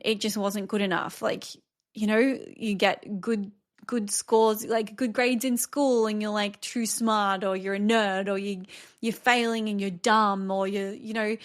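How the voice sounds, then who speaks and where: A woman's voice: mid-range voice, flat delivery, moderate pace. A woman in her thirties hosting a podcast, talking candidly and thoughtfully about her own life. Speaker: podcast host. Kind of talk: solo reflective podcast talk.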